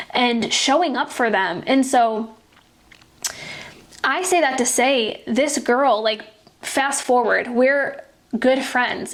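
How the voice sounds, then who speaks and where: A young woman hosting a podcast, talking earnestly and emotionally about faith and kindness, often restarting her sentences. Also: a little high. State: tearful at times. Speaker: podcast host. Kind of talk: personal faith-based podcast talk.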